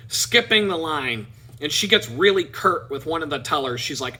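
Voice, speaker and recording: A middle-aged man telling a personal story on his vlog, animated and playful. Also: on the high side, normal speed. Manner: animated, playful, mimics people in quotes. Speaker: vlogger.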